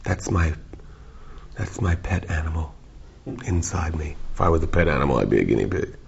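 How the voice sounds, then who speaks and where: Heard on a dull, lo-fi recording, this bass-voiced man in his forties swings widely in pitch at a normal pace, his voice creaky, a little mellow, with a breathy edge. He's a musician rambling through joking interview answers, wandering off and interrupting himself.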